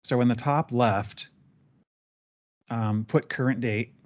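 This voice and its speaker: A man guiding a trainee step by step through a software training session, relaxed and chatty with fillers. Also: mid-range voice, slow pace, lo-fi sound. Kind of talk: live screen-share training session.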